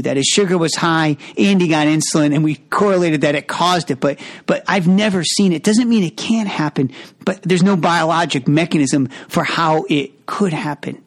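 A man who works as a surgeon, explaining a communication method in a measured, earnest way. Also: fairly high pitch. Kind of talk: teaching conversation.

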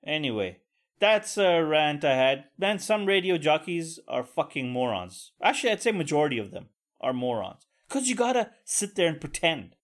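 A young man hosts his own solo podcast, venting in a rambling, profane way full of crude asides. His voice sits slightly higher than most men's. He talks casually, as if to friends. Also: big pitch swings, normal speed. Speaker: podcast host.

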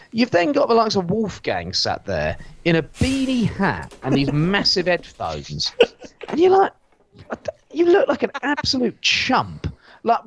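A man's voice: mid-range voice, fairly bright tone. A British man hosting a podcast from his sofa, ranting sarcastically and swearing freely in casual chat. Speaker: podcast host. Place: at home on a sofa.

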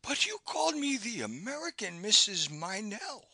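A man's voice: high-pitched, big pitch swings, moderate pace, vocal fry, pushed and bright, slightly rough, no room sound, voice pushed up, exaggerated voice. A man reading an audiobook, voicing a refined and earnest young female poet in a lilting, emphatic way. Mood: wondering.

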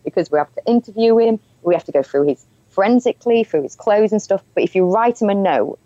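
A woman's voice: medium pitch, animated, fast talker, warm tone, dry recording, highs cut off. A woman telling her own story as an interview guest, candid and frank, often breaking into laughter. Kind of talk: personal storytelling in conversation.

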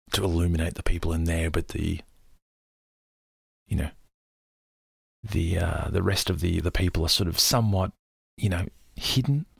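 A man's voice: sits low, gravelly, slightly rough, dry recording, clean studio sound. A man casually retelling a film scene in a loose, rambling way, with many fillers.

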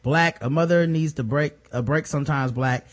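A man co-hosting a podcast, reading news stories aloud with sarcastic, deadpan jokes. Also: fairly high pitch, normal speed. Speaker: podcast co-host. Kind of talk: casual comedic news commentary.

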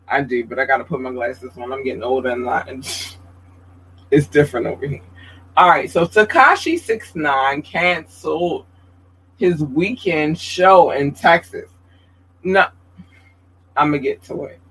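A man in a relaxed livestream podcast chats straight to his audience and reads out their comments as they come in. His voice is husky and sits fairly high, and it shoots up into excited peaks before settling back into easy talk. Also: a little slow, long pauses, low-quality recording. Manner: expressive and chatty, voice jumping up high when excited. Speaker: podcast host. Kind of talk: casual livestream podcast chat.

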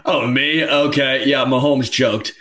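A man's voice: medium pitch, fairly even intonation, measured pace, a bit bright. A man co-hosting a sports podcast, giving blunt verdicts in short clipped sentences. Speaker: podcast co-host.

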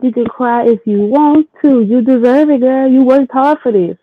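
A woman's voice: high-pitched, moderate pace, no room sound. Sassy, encouraging woman guest. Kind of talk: casual chat. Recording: dry muffled lo-fi audio.

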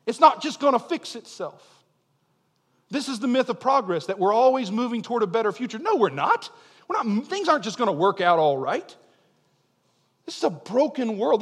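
A young male pastor with a high voice preaches in a church sanctuary. He swings from soaring, insistent proclamations down to hushed, almost offhand remarks. A long reverb trails each phrase through the hall. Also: breathy edge. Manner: impassioned, swings from loud declarations to quiet asides. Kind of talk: sermon.

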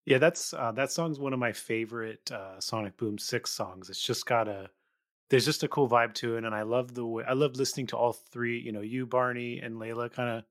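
A man hosts an interview podcast in a relaxed way, asking his questions loosely and with plenty of fillers. His pitch sits in the middle range and the sound is dry. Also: brisk, no room sound. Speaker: podcast host. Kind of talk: casual interview.

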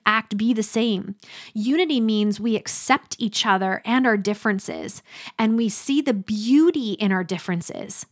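A middle-aged woman giving a motivational talk, earnest and emphatic, slowing down for dramatic pauses. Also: a little high. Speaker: speaker.

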